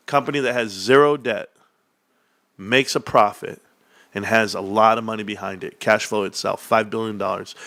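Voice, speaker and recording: Bright, boastful man ranting on stream. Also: lowish voice, gravelly. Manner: boastful, animated, laughing often. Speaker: stock livestream host. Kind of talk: excited stream rant.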